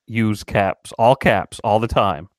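A man co-hosting a podcast in casual banter, with wry, deadpan humor, steering the talk. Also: fairly low pitch, slow, dry recording, clean studio sound. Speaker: podcast co-host.

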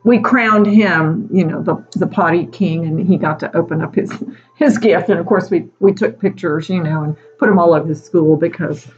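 A woman's voice: fairly low pitch, normal speed, muffled recording. A middle-aged woman, a teacher, casually telling an anecdote in a chatty way, laughing often between phrases. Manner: chatty, laughs often, frequent fillers like "you know".

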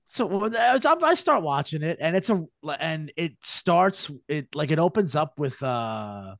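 A man co-hosting a podcast, telling a story in a casual, lively way and slipping into silly mock accents. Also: a little high, a little slow, no echo, studio quality. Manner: animated storyteller, slips into mock British voices. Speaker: podcast co-host. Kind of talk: casual chat.

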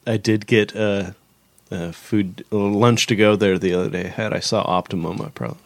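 A man's voice: lowish voice, fairly even intonation, moderate pace, creaky, no echo. A man co-hosting a casual beer podcast, talking in a hesitant, rambling way. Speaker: podcast co-host. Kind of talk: casual chat.

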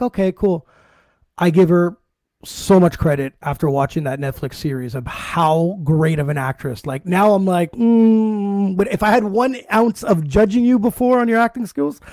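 A man's voice: sits high, normal speed, darkish tone, no echo, studio quality. A man hosting a podcast interview, chatting in an easygoing way and wandering off on tangents. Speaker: podcast host. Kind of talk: casual interview chat.

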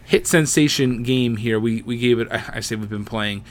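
A man's voice: mid-range voice, moderate pace. Rambling man hosting a gaming podcast. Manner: rambling, self-mocking, loose. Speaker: podcast host. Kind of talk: casual gaming podcast chat.

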